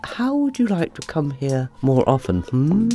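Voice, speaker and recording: A woman doing a booming, grand cockerel. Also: very animated, unhurried, warm tone. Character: large, magnificent, proud male cockerel.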